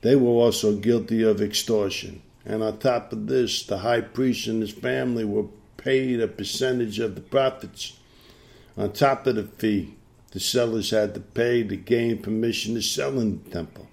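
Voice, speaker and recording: A male preacher delivering a sermon in a gravelly, somewhat low voice. He hammers his points home, repeating key phrases and firing off rhetorical questions at the congregation. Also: steady tone, measured pace, a little mellow.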